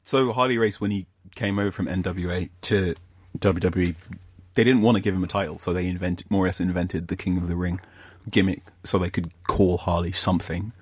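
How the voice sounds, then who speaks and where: A man's voice: low-pitched, steady tone, a little fast, a little mellow, slightly rough, no room sound. A man co-hosting a wrestling podcast, a wry storyteller in casual chat. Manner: wry storyteller, acts out quotes. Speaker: podcast co-host.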